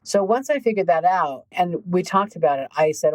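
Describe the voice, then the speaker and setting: A woman hosting a podcast as a coach, talking in an animated, emphatic way straight to her listeners. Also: fairly low pitch, normal speed, no room sound, poor audio. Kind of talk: conversational podcast monologue.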